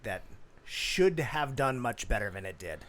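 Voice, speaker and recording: A man's voice: mid-range voice, very animated, unhurried, fairly bright tone. A man co-hosting a movie podcast in casual chat, mostly giving short agreeing replies and dry jokes. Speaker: podcast co-host.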